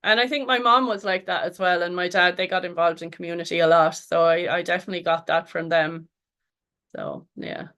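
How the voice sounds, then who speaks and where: A woman's voice: lowish voice, fairly even intonation, brisk, a bit bright. Chatty Irish woman telling a story. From Ireland. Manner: chatty, laughs often, many fillers and restarts. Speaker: podcast guest. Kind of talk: casual storytelling interview.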